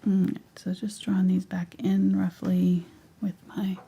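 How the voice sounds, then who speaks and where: A middle-aged woman gives a live painting lesson in a husky voice. She chats her way through each step and now and then drops to a murmur as if talking to herself. Her tone stays low and mellow. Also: little pitch movement, unhurried. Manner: chatty, thinks aloud, drops into whispers to herself. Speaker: painting instructor.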